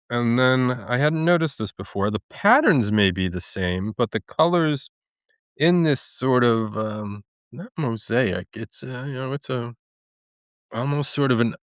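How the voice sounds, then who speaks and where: A man co-hosting a podcast in casual chat, rambling and hesitant with many pauses. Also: mid-range voice, clean tone, dry recording, clean studio sound. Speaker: podcast co-host.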